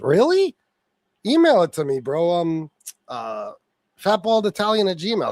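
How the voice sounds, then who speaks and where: High-voiced mocking male livestream host. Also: big pitch swings, a little slow, dry recording. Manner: mocking, profane, loud laughing commentary. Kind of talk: crude casual livestream banter.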